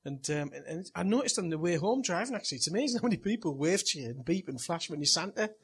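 A man in middle age preaches in a relaxed, chatty way, slipping into anecdotes and chuckling at his own stories. His voice sits a touch high and has a husky, slightly rough edge. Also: fast talker. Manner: chatty storyteller, laughs at own story. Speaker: pastor. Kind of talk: sermon with personal anecdote.

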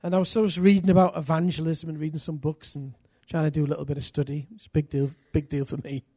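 A middle-aged man from England, preaching a sermon full of personal stories, energetic and self-deprecating with bursts of loud emphasis. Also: fairly high pitch, quick pace, no room sound, clean studio sound.

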